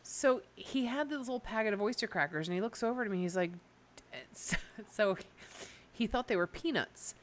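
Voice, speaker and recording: A woman's voice: mid-range voice, animated, normal speed, a little hiss or hum. A middle-aged woman co-hosting a radio talk show, telling a story in casual chat with many fillers. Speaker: radio co-host.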